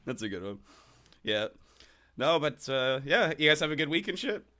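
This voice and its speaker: A man's voice: a little high, very animated, moderate pace, bright, forceful tone. A man co-hosting a podcast in casual chat, rambling and swearing, often laughing. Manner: rambling, profane, laughs a lot. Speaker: podcast co-host.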